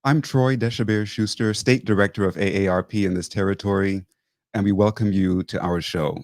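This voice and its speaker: Male host in his 50s, lowish voice, halting, repetitive delivery, dry close sound. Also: steady tone, no echo. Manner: warm, repetitive phrasing with many restarts. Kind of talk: television interview.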